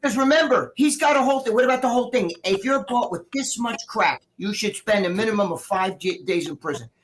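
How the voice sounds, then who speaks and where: A man's voice: sits high, fairly quick, a bit bright, low-quality recording. A man on a video call, ranting casually, profane and rambling, acting out quotes. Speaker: guest. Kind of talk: casual political rant.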